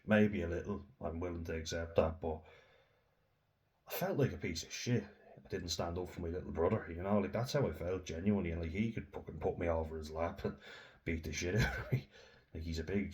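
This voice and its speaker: Deep flat-voiced Irish man ranting. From Ireland. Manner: heated, sweary, laughs between lines. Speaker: vlogger. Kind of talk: casual storytelling monologue.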